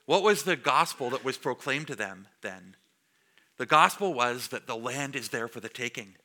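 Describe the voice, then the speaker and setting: Bright-voiced pastor preaching conversationally. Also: male voice, mid-range voice, lively intonation, moderate pace. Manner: conversational, jokes with the congregation. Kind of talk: sermon. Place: church before a congregation.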